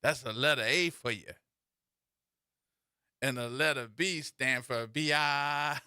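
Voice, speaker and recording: A man's voice: mid-range voice, slow pace, sharp tone, clear, resonant tone, dry recording, studio quality. A man hosting a radio talk show, teasing and telling stories in a playful way.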